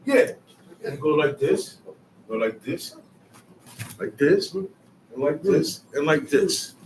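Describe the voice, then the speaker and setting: A man leading a bible study, animated and colloquial, his voice pitched high and swinging widely. The room is echoey and he sits far from the microphone, with a faint hiss behind. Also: slow. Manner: animated, colloquial, checks in with "okay?". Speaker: bible teacher.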